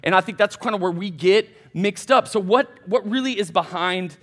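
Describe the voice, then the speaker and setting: A man, a college pastor telling a casual, animated story in a sermon to young adults. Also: high voice, normal speed. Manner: folksy, animated, addresses crowd as y'all. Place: church hall.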